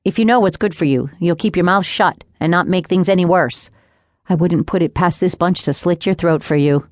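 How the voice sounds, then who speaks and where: A woman putting on a crude, scornful older mother, her low voice pushed up a little and clipped. The recording sits close and dry, with no room sound around her. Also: moderate pace, dry recording, lightly acted. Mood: warning. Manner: blunt, scolding, crude phrasing.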